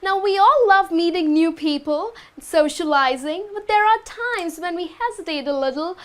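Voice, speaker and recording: A young woman speaks with a high, light voice as she teaches an English lesson to her viewers. She explains each phrase step by step, pausing often to check they follow with a quick "okay?". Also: expressive, fairly bright tone.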